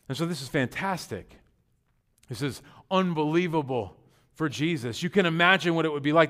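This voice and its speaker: A man with a fairly high voice delivers a sermon to his congregation. He talks conversationally, full of casual fillers, and swings from sudden loud bursts to hushed, intimate lines. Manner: conversational with fillers like "like" and "you know". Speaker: pastor.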